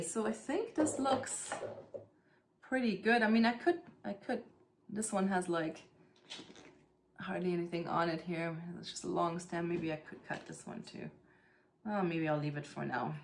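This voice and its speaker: There's a little hiss or hum behind this woman's low-ish voice. She is a vlogger from East Germany in her thirties, chatting informally at home during plant chores, with lots of fillers and laughs.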